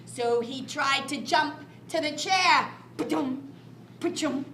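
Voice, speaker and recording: A woman storyteller spins a tale for children with playful, animated delivery and sound effects. Her high, bright voice moves slowly and rings around a roomy library space with faint background noise. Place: library room. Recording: echoey room.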